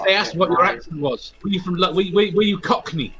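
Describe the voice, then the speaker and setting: A man chatting casually on a group call in a joking, animated way. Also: high voice, a little fast. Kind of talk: casual chat.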